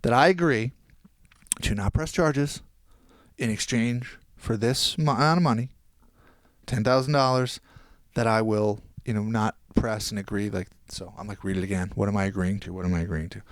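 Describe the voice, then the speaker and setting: A man, a podcast guest, telling a long anecdote in casual chat and quoting people in quick voices. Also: fairly low pitch, steady tone, no room sound, studio quality.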